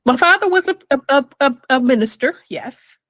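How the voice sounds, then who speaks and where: Speaking as an interview guest, an older woman recounts her personal story slowly and reflectively, whispering whenever she quotes someone. Her high voice is animated and a bit bright, and the low-quality recording lacks room sound.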